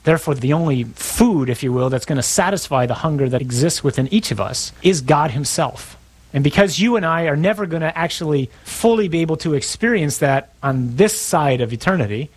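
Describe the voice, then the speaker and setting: A man preaching a sermon to his parish in a conversational, storytelling way. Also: medium pitch.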